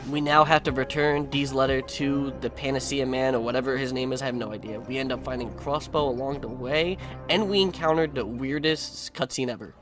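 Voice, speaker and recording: A quick-talking man runs through his playthrough in a loose, offhand voice-over, cussing now and then and tossing in dry, sarcastic remarks. Game music plays clearly underneath him. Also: medium pitch. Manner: laid-back, swears casually, recounts play with sarcastic asides. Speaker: gaming video creator. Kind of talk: casual gameplay voice-over.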